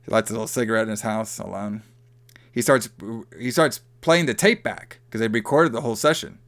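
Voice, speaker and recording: A man's voice: lowish voice, fairly quick, fairly bright tone. A man co-hosting a podcast, casually recapping a movie in a loose, rambling way full of fillers. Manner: loose, rambling, heavy on fillers like "like" and "you know". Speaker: podcast co-host.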